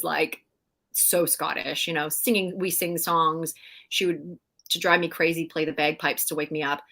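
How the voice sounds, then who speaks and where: Woman, middle-aged, lowish voice, animated, laughs often, casual interview guest. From Canada. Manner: animated storyteller, laughs often, many fillers. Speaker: guest actress.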